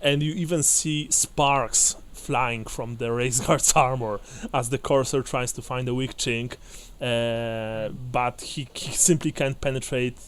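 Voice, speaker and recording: A man narrating as game master of a tabletop game, hesitant with many fillers and restarts, often breaking into quick laughs. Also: mid-range voice, fairly even intonation, clean tone.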